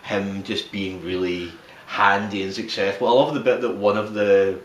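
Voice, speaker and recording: A man's voice: lowish voice, moderate pace, recorded from a distance, a little hiss or hum. Man recapping a film, roomy. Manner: animated retelling, acts out characters' lines. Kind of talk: casual film chat.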